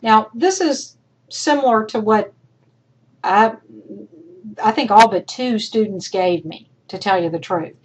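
A woman college instructor recording feedback for her class, emphatic and encouraging, talking straight to her students, her voice worn and going hoarse. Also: mid-range voice, unhurried, rough recording.

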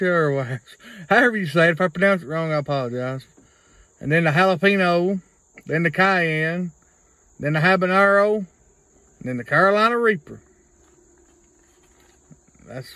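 A man's voice: fairly high pitch, fairly bright tone, no echo, poor audio. A man, rambling through a casual video blog in a folksy way and repeating himself. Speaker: vlogger.

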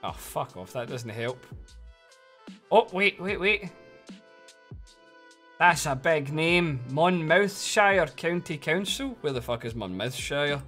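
A Scottish man streaming a game live, reacting excitably, swearing freely and laughing often. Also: on the high side, takes it slowly, pauses often, soft background music. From Scotland. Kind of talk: live gaming commentary.

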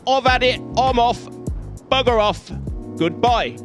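A man's voice: extremely high pitch, lively intonation, measured pace, over music. A man giving playful, theatrical let's-play commentary, talking back at the game and its zombies. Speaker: gaming channel host.

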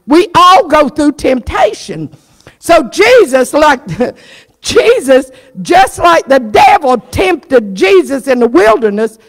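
Woman pastor, fervent storyteller, lively high voice, gravelly edges, long church reverb. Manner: fervent storytelling preacher who acts out the story's characters. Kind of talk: sermon.

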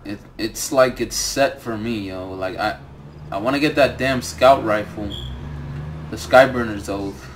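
A man's voice: lowish voice, unhurried, slight background noise. A young man streaming a game, ranting and swearing about the loot he gets. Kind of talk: live gaming commentary.

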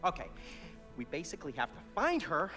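An actor playing an excitable grown man turned into a doll in a video game, bossy and theatrical. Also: fairly high pitch, brisk. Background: game music.

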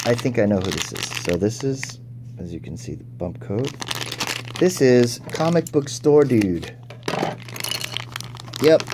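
A man's voice: mid-range voice, background noise. A man giving casual, chatty toy unboxing commentary, thinking aloud and easily impressed. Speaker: toy reviewer.

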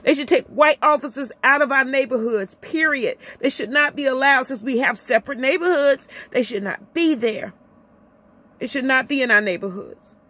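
A middle-aged woman from Illinois vlogging an impassioned personal rant, emotional and near tears, her voice swinging from high to low as she repeats herself. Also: moderate pace, a bit bright.

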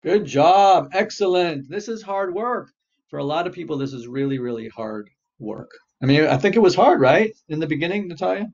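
A man's voice: fairly high pitch, lively intonation, moderate pace, a little mellow. A man, a therapist, leading an exposure exercise in a webinar and coaching participants in an encouraging way. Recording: dull lo-fi webinar audio.

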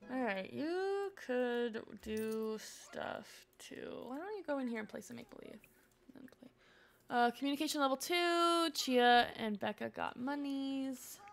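This young woman's high-pitched voice carries vocal fry as she chats through a game on a live stream. She's bubbly and effusive, often speaking directly to the characters.

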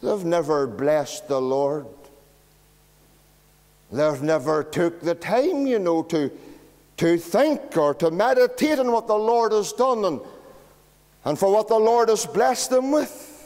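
Northern Irish preacher, high voice, homely storyteller, long church reverb. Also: male voice, expressive, takes it slowly, pauses often, a little mellow. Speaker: pastor. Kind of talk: storytelling sermon.

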